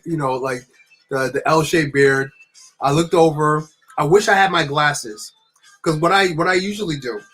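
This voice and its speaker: A young man from New Jersey telling a long, rambling, animated story while building with bricks. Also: on the high side. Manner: rambling, animated anecdote with many restarts. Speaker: LEGO builder streaming.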